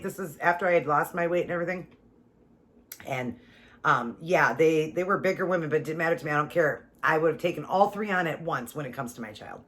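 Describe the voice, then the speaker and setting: Woman telling a story with emphasis. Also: low voice. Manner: animated, emphatic retelling. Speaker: vlogger. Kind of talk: casual storytelling to camera.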